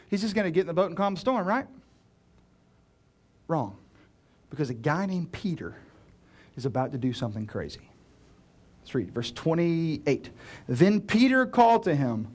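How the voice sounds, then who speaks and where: A man preaching with a slightly high voice, easygoing and playful as he walks through the passage. He throws in jokes and quick asides, swings between loud bursts and hushed lines, and keeps the tone conversational rather than formal. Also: sing-song. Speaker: pastor. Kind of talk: sermon.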